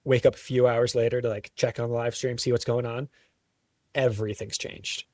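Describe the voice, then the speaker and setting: A man's voice: mid-range voice, little pitch movement, normal speed, no room sound, clean studio sound, distant mic. A man talking as a podcast guest, telling stories in an easygoing way and laughing often. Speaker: guest, trail runner. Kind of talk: casual interview chat.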